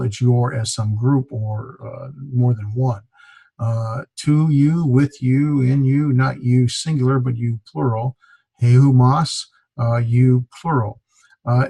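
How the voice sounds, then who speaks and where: A man lecturing to a class with a gravelly, slightly husky voice. He explains patiently and steadily, pausing often on hesitant fillers as he walks through each point. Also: mid-range voice, mellow, rough recording. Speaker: Greek teacher.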